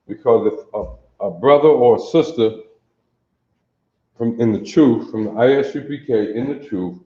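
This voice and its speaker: A man teaching an alphabet in a lesson, slow and deliberate, often quizzing his listeners with questions. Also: mid-range voice, mellow. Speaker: language teacher. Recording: roomy, dull lo-fi sound.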